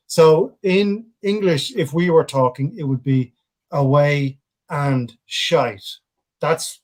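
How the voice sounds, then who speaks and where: Man cracking jokes in crude banter. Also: on the high side. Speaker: co-host. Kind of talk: casual chat.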